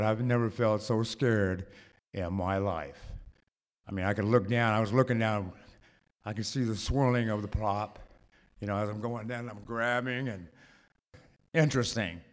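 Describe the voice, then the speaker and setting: A man telling a personal story to a live audience, halting and rambling, full of fillers and restarts. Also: fairly low pitch.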